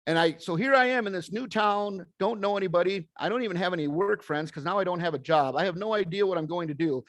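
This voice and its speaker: Folksy storytelling man, slightly high voice. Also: fast talker, a bit bright, no echo, clean studio sound. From American Midwest. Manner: folksy storytelling, plainspoken, acts out dialogue. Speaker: speaker. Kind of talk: motivational talk to an audience.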